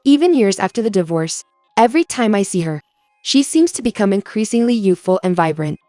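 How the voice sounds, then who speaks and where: A woman narrating a scripted first-person story in an even storytelling manner. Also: medium pitch, brisk, no echo, studio quality, soft background music.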